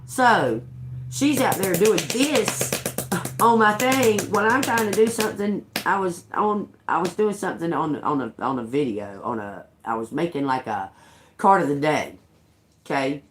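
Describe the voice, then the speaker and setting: A woman, a tarot reader telling a story on a live stream in a heated, swearing, animated rant. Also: on the low side, moderate pace, noisy background. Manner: profane, heated, animated retelling.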